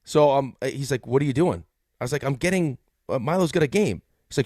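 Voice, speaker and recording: A man's voice: on the high side, lively intonation, fast, a little mellow, no echo, studio quality. A middle-aged man co-hosting a sports radio show, telling stories and laughing between lines. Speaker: co-host. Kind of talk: casual sports radio chat.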